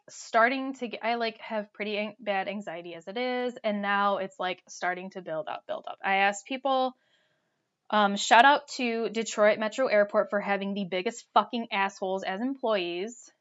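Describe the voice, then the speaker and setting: A young woman telling a personal story in casual chat, animated and full of "like" fillers. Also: mid-range voice, normal speed. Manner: animated, lots of "like" fillers, laughs while telling. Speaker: storyteller guest. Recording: dull lo-fi sound.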